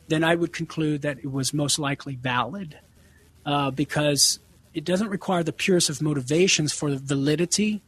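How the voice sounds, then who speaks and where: A man's voice: fairly high pitch, normal speed, fairly bright tone, breathy edge. A man, earnestly explaining answers to callers on a call-in radio show and acting out bits of dialogue. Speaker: guest apologist answering callers.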